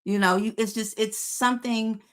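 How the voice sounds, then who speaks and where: A woman in her fifties hosting a panel, talking frankly and conversationally with frequent pauses to gather her words. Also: on the high side, steady tone. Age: 50s. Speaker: host.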